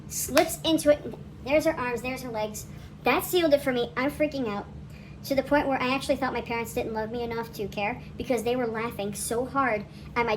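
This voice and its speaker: A woman co-hosting a podcast, retelling a childhood story in an excitable, dramatic way. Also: on the high side, slight background noise. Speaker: podcast co-host. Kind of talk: casual storytelling.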